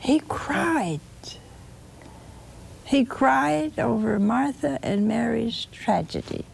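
A woman preaching a sermon, telling a scripture story slowly and expressively with dramatic repetition. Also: a little high, expressive, vocal fry, a little hiss or hum.

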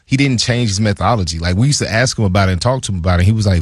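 A former pro football player telling casual stories as a podcast guest, acting out quoted dialogue. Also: male voice, on the low side, rapid-fire, few pauses, husky, no room sound, clean studio sound. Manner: animated, acts out quoted dialogue. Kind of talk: casual storytelling.

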